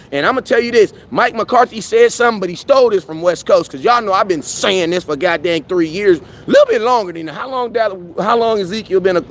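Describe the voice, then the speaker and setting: A young man hosting a live fan show, talking sports in a slangy, animated, preaching way with lots of repetition. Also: sits high, slight background noise. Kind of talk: casual live-stream sports talk.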